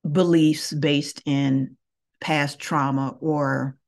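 A woman who teaches yoga, talking through her thoughts slowly and reflectively, with many pauses. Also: low-pitched, little pitch movement, gravelly, darkish tone. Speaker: yoga teacher and podcast host. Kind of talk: reflective solo podcast talk.

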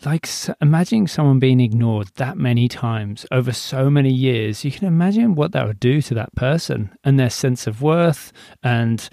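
Gravelly man hosting a podcast, dry sound. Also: mid-range voice, lively intonation, normal speed, hardly any pauses, warm tone, dry recording. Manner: supportive, searching for words with many fillers and false starts. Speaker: podcast host. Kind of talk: conversational interview.

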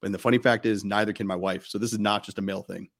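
A man's voice: fairly low pitch, fairly even intonation, fast. A man hosting a podcast, talking bluntly and emphatically in casual conversation, with frequent swearing. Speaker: podcast host.

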